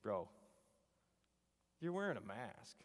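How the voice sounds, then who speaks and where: A man, an engineering professor, giving a joking, animated devotional talk to students, full of wry asides. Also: mid-range voice, slow pace. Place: chapel hall. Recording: long hall reverb.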